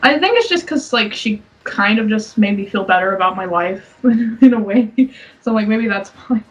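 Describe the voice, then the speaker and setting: A woman's voice: medium pitch, lively intonation, moderate pace. A young woman co-hosting a casual podcast chat, gushing and giggly, squealing when she acts out her younger self. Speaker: podcast co-host. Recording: distant mic, faint music.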